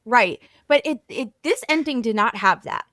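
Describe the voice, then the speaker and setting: A woman with a high, very lively voice co-hosting a podcast, expressive and quick to laugh. Her speech bounces up and down in pitch, and the recording is close and dry with no room sound. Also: dry recording. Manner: expressive, laughs often, lots of "like" and "right". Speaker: podcast co-host. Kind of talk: casual chat.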